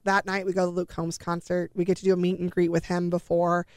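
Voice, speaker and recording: Gravelly-voiced mother telling a story. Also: lowish voice, flat delivery, a little fast, dry recording, clean studio sound. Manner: earnest, sighing, quoting family in dialogue. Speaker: guest recounting her daughter's illness. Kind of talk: emotional personal storytelling.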